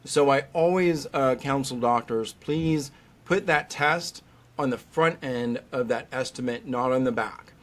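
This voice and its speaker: A middle-aged veterinary specialist appears as a guest in a podcast interview, speaking in a mid-range voice at a slightly slow pace. He's an animated storyteller who acts out the voices of the people he quotes.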